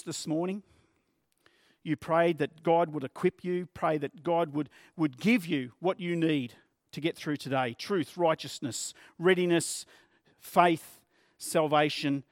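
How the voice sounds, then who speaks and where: Aussie pastor guy, fairly high voice, earnest sermon, dry close sound. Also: a little slow, long pauses, no echo. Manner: earnest, plain-spoken, with vivid everyday examples.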